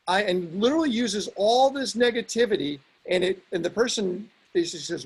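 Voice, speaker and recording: A male host with a high, gravelly, husky voice that swings widely in pitch. He chats casually and tells stories with animation. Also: moderate pace, few pauses, low-quality recording. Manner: animated storyteller, laughs often. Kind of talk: casual chat.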